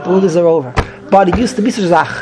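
A man teaching a Talmud class, an animated, repetitive, joking storyteller who mixes in Hebrew and Yiddish terms. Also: high voice, very fast, over a noisy crowd. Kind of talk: Daf Yomi Talmud class.

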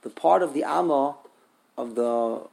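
Gravelly, husky man teaching a text class. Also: mid-range voice, unhurried, darkish tone. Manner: thinking aloud, repeating words, rhetorical questions.

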